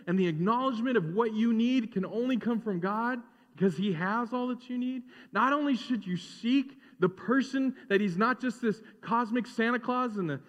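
A male pastor preaching a sermon in a lively, joking way, asking the crowd to repeat words after him. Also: very high voice. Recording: dull sound in a reverberant hall.

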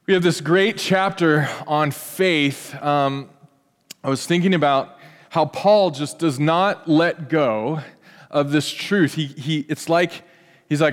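Earnest pastor, reverberant church. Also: male voice, on the high side, slow pace. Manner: earnest, conversational preaching with many restarts. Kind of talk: sermon.

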